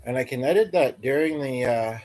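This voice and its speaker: Speaking briskly in a medium-pitched, darkish voice, a man hosts a casual livestream. He rambles through an everyday story, stumbling over fillers and restarting his sentences.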